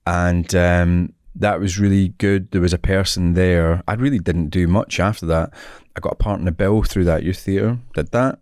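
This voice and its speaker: A man's voice: deep voice, fairly even intonation, moderate pace, few pauses, darkish tone, smooth, dry recording, studio quality. A Scottish man in his forties, a guest telling stories in a casual interview and often laughing. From Scotland. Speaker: actor, guest.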